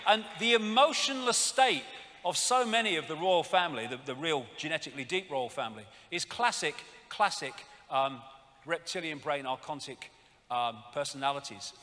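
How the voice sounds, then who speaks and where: A man giving an animated, sarcastic live lecture with slides, swearing often. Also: a little high, normal speed, long reverb tail. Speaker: public speaker.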